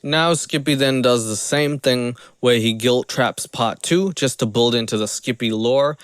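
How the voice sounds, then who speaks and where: A man streaming a reaction video, commenting in a mocking, animated, casual way. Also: medium pitch, unhurried, clear, resonant tone, no echo, clean studio sound.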